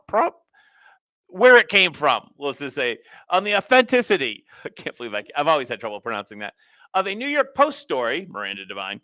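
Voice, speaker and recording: A male talk show host delivers a political commentary monologue, reading quotes aloud and breaking in with mocking, sarcastic remarks. His pitch swoops and jumps as he talks, and his tone is bright and forceful. The sound is dry and close, with no room echo.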